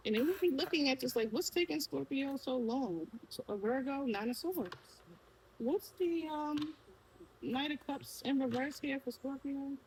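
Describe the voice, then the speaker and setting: A woman's voice: high voice, moderate pace, darkish tone, a little hiss or hum, poor audio. A woman with a Brooklyn accent giving a casual tarot reading, talking straight to the viewer and asking the cards questions aloud. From Brooklyn, New York. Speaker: tarot reader.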